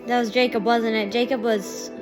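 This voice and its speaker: A woman with a high voice reacts to a TV episode. She talks in an excitable, gushing rush of exclamations. Faint music plays in the background. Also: moderate pace. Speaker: TV reaction vlogger.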